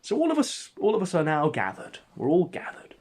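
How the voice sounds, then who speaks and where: A man telling an absurd comic story in a mock-epic, deadpan way. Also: a little high, a little fast. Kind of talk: comedic storytelling.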